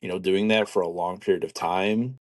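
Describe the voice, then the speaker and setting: A man co-hosting a podcast, talking in a relaxed, reflective way in loose run-on sentences. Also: deep voice, normal speed, dry recording. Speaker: podcast co-host. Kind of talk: casual podcast chat.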